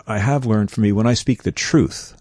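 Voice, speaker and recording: A man's voice: on the low side, normal speed, a little mellow, dry recording. A middle-aged man from New York, a guest talking earnestly and reflectively in a studio, laughing now and then. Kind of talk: reflective conversation.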